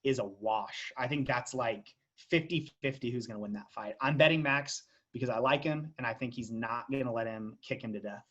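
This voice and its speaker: A podcast co-host chats casually about fight bets, talking loosely with frequent restarts and tangents. His voice is medium-pitched and fairly bright, at normal speed with few pauses, though the highs are cut off.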